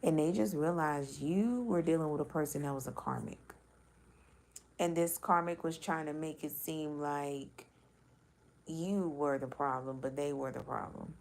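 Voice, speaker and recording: A woman's voice: deep voice, unhurried, a little mellow, slight background noise. A woman giving a casual intuitive reading, talking loosely and bluntly with swearing and many filler words. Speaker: spiritual card reader.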